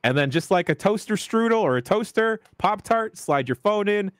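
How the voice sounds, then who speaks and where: A male podcast host chatting casually in an animated, jokey way, full of ums and uhs. His pitch swings widely and the sound is dry and close. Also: moderate pace, no room sound. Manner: animated, jokey, rambling with fillers.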